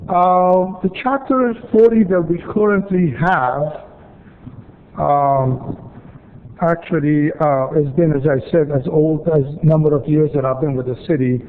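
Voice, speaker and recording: A man's voice: a little high, steady tone, unhurried. A man from city staff presenting at a council meeting, explaining rules step by step with repeated points and dry asides. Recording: tinny, phone-like archive audio.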